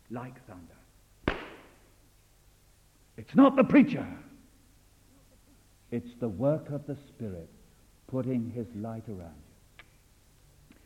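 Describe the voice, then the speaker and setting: A man preaching a sermon with fervent delivery, swinging from loud declarations to hushed, intimate lines. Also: medium pitch. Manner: fervent, rising and falling dramatically. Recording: dull sound in a long reverberant hall.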